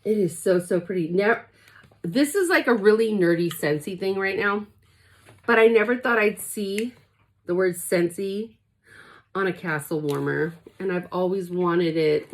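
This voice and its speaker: With a mid-range voice and measured pace, a woman from the Los Angeles area narrates an excited unboxing. She's a product consultant vlogger, gushing and emotional as she speaks directly to her viewers.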